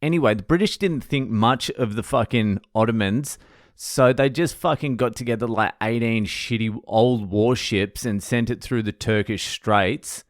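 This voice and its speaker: A man's voice: medium pitch, moderate pace, dry recording, clean studio sound. A man with an Australian accent hosting a casual podcast, rambling through a history story with constant swearing. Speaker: podcast host. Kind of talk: casual monologue.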